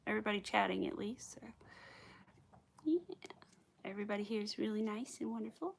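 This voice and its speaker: Chatty Southern woman with a gravelly edge. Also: medium pitch, fairly quick, slight background noise. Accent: light Southern US. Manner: chatty, rambling, laughs often. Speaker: crochet livestream host. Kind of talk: casual chat with live viewers.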